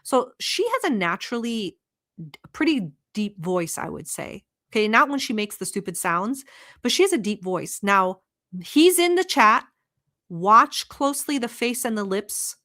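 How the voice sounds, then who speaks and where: A woman from the Middle East hosting a reaction channel, commenting on clips in a blunt, animated and sarcastic way, with frequent swearing. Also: a little high, a little slow.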